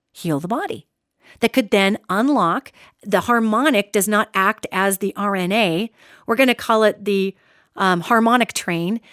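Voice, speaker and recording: A middle-aged woman hosting a solo podcast, talking in an animated, emphatic way and calling her listeners "gang". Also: mid-range voice, dry recording, studio quality. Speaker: podcast host.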